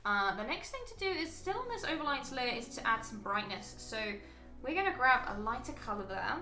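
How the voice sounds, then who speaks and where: A woman's voice: on the high side, very animated, a little fast, sharp tone, echoey room, soft background music. A woman chatting casually and thinking aloud as she walks viewers through a live painting stream. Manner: chatty, thinking aloud while working, frequent ums.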